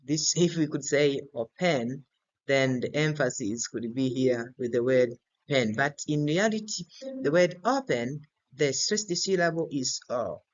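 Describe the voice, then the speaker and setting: Slow, deliberate male English teacher. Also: medium pitch, lively intonation. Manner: slow and deliberate, repeats words many times to model stress. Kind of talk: grammar and pronunciation lesson. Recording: slightly dull lo-fi recording.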